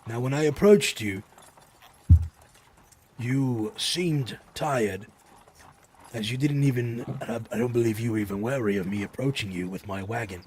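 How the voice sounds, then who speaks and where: A man's voice: mid-range voice, a little slow, pauses often, darkish tone, slight background noise, lightly acted. A man voicing a boastful male paladin knight in a tabletop game, formal and pompous in manner. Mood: grand. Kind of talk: improvised tabletop role-play.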